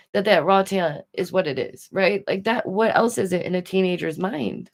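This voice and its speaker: A woman's voice: lowish voice, normal speed. A woman hosting a commentary livestream, talking casually and animatedly to her audience with rhetorical questions. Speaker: commentary streamer.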